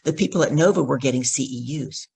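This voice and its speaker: A middle-aged woman, a guest on a podcast, telling an animated story and acting out the dialogue in it. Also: rumbling low, quick pace, vocal fry, breathy edge. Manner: acts out the dialogue in her stories. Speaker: podcast guest, professional speaker.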